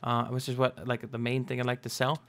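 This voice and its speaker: A man's voice: medium pitch, monotone, brisk, a bit bright. Young male let's-player, casual and rambling, self-correcting, jokey. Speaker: gaming YouTuber. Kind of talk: casual Minecraft let's play commentary.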